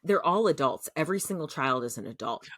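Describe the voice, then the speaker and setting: Brief: podcast co-host, woman, very low voice, casual meandering recap. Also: expressive, brisk, a bit bright. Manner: rambling recap full of "um" and "like". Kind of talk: casual chat.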